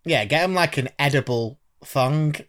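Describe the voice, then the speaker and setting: A man's voice: fairly high pitch, moderate pace, a bit bright. A man co-hosting a teachers' podcast, dropping dry quips and teasing asides in casual banter.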